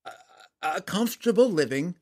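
A man's voice: expressive, a little mellow, husky. Stammering, scheming small merchant in a storybook, put on by a man reading aloud. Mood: pleading. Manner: halting, stammering, raised pitch.

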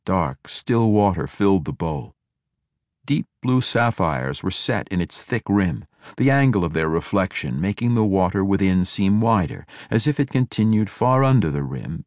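A man narrates a fantasy audiobook in a very deep voice. His delivery is measured and even, taking each sentence at a steady storytelling pace. The recording is dry and close, with no room sound. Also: dry recording.

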